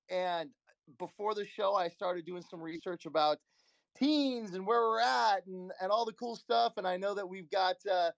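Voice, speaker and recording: A man with a high, bright voice co-hosts a casual live chat from home. He laughs a lot and rambles in an excited way. The sound is close and dry, with no room echo. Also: moderate pace, creaky. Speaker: co-host.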